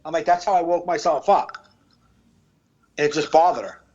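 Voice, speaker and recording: Male comic co-host, casual and loose, laughs easily, slightly high voice, muffled lo-fi recording. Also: normal speed, a little mellow. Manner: laughs often, loose storytelling. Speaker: podcast co-host, comedian. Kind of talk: casual chat.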